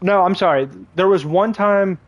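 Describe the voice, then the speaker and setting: A man's voice: high-pitched, normal speed, no room sound. Rambling young man on a dry mic. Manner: rambling storyteller, swears casually. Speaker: streamer. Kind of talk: casual livestream chat while gaming.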